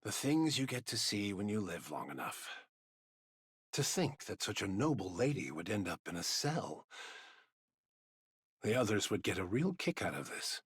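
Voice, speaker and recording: A man's voice: lowish voice, very animated, moderate pace, pauses often, slightly rough, dry recording, exaggerated voice. An actor playing an aging male commander in a game, with a dry, teasing way of talking. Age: older. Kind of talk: game voice acting.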